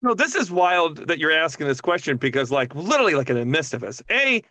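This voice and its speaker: A woman talking as a guest on a podcast, joking and animated, swearing freely in casual chat. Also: low-pitched, brisk, dry recording.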